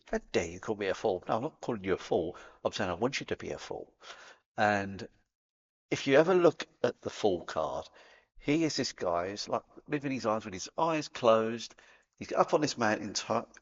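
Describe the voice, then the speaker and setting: Speaking to camera in a lo-fi recording, an English spiritual vlogger with a Cockney accent keeps things chatty and playful, throwing in sound effects. His voice is medium in pitch.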